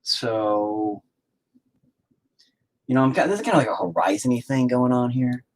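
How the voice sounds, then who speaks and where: A man's voice: mid-range voice, animated, moderate pace. A man chatting casually while he paints, swearing a lot and mocking himself as he rambles. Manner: profane, self-deprecating rambling. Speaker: painting vlogger.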